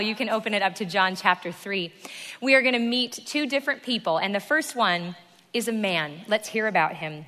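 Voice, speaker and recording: A woman's voice: medium pitch, normal speed, bright, forceful tone. A woman preacher delivering a sermon to a congregation, emphatic and repeating key phrases. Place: church hall. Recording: long reverb of a large room.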